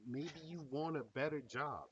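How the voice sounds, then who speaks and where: A man's voice: a little high, moderate pace, recorded from a distance, highs cut off, a little hiss or hum. Blunt, heated male reaction host. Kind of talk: casual reaction commentary.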